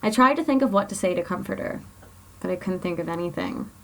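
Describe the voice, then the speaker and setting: A woman's voice: on the low side, animated, quick pace. A woman blogger reading her own personal story aloud in an earnest, confessional way.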